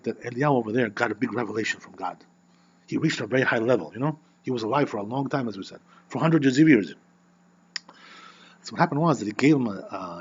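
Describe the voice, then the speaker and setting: A man who is a rabbi teaching an informal Torah class, animated and constantly checking in with "you know" and "right?". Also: medium pitch, highs cut off, slight background noise.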